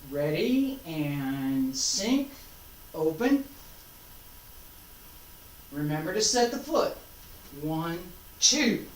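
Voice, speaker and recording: Woman instructor talking slow and steady, counting moves, echoey room, mic pretty far off. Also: lowish voice. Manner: calm, deliberate, corrective coaching. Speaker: martial arts instructor. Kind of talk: class instruction with counted cues. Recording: echoey room, distant mic, faint background noise.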